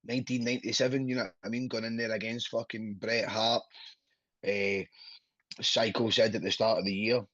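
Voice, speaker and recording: A man's voice: lowish voice, flat delivery, brisk, a bit bright, no echo, dull audio. A Scottish man, a wrestler, chatting casually as a podcast guest, blunt and sweary with a laughing storyteller's manner.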